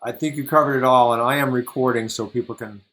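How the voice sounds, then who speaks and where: A man's voice: mid-range voice, fairly even intonation, quick pace, fairly bright tone, rough recording. Male interview host, reads listener questions, mid-range voice. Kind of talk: online Q&A interview.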